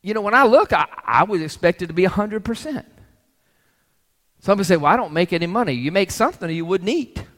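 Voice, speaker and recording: Male pastor preaching, fairly high voice, rhetorical questions to the congregation, long church reverb. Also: animated, brisk, fairly bright tone. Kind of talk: sermon.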